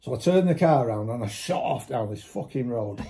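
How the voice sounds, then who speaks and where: A man with a dark, mellow voice spins a rambling road-trip anecdote in easy conversation. He swears often and slips into the voices of the people he quotes. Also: mid-range voice, lively intonation, moderate pace, creaky, slight background noise. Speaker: storyteller. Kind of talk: casual anecdote.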